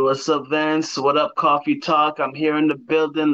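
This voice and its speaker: A man's voice: on the high side, flat delivery, normal speed, fairly bright tone, dull audio. A man joining a podcast as a guest musician, bantering in a laid-back, slangy way. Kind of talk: casual chat.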